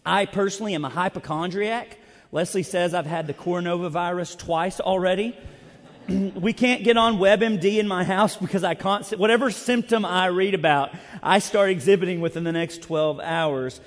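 A man's voice: high-pitched, normal speed. A man preaching a sermon as pastor, conversational and self-deprecating, moving between storytelling and scripture reading. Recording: long reverb of a large hall.

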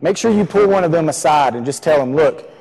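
A man's voice: on the high side, lively intonation, fast talker, darkish tone. A man preaching a sermon in a church, earnest, repeating key phrases for emphasis. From Texas. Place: church sanctuary. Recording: long reverb of a church hall.

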